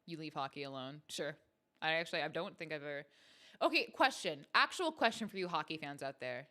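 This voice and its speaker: Woman, stream host, chatty and joking, fairly low voice, swooping intonation, at home. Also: lively intonation, brisk, bright, forceful tone. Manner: chatty, playful and self-mocking. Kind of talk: casual livestream chat.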